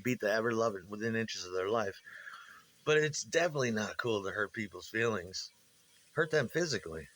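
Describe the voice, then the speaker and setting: A man's voice: lowish voice, expressive, a little fast, a bit bright. A man in a rambling, casual monologue, swearing freely and restarting his sentences as he tells stories about his old bandmates. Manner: meandering, profane, frequent restarts.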